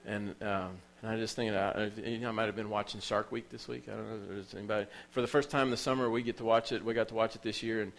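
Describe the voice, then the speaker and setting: A male pastor with a somewhat low voice preaches a sermon, telling stories with feeling and driving points home through repetition. A faint hum of noise sits under his voice. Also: steady tone, fast, gravelly, hardly any pauses, poor audio. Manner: emotional storytelling preacher, repeats phrases for emphasis. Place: church.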